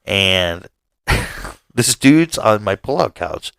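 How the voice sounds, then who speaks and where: A man's voice: lowish voice, lively intonation, very slow, gravelly, fairly bright tone, clean tone, no echo. A man co-hosting a podcast, telling a rambling, profanity-laced story in casual chat and laughing through it. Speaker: podcast co-host.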